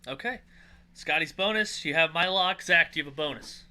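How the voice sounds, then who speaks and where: A man hosts a loose sports betting podcast with a very bright, ringing tone. His voice sits a little high, and he keeps things moving by calling on each co-host in turn. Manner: quick, runs the segment order. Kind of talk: casual sports betting chat.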